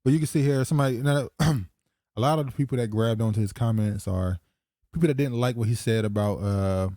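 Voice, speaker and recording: Dark-voiced man in dry casual talk. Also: mid-range voice, brisk, dry recording. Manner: talks over his co-host, reads news aloud with asides. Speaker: podcast host. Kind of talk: casual political chat.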